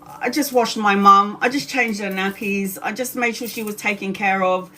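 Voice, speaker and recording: Tired, swearing woman telling a story. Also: mid-range voice. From Brazil. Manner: animated, swearing, quick asides to viewers. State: exhausted. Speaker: tarot reader. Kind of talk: casual livestream storytelling.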